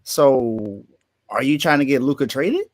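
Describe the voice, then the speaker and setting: A man's voice: mid-range voice, lively intonation, unhurried, no echo, studio quality. A man co-hosting a sports podcast who argues emphatically and often repeats his words. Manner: repeats himself, emphatic and incredulous. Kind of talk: casual sports talk.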